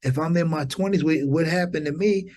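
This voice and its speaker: This podcast guest, a man in his fifties, tells an inspirational story a little fast. His delivery is animated and preacher-like, with frequent upward leaps in pitch on exclamations.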